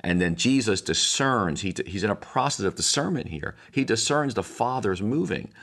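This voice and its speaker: An older man with a very deep voice talks as a pastor on his podcast. His tone is gravelly with a lot of fry. He teaches in a reflective, rambling way, often restarting his sentences. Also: big pitch swings, normal speed, fairly bright tone. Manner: rambling, many restarts and asides.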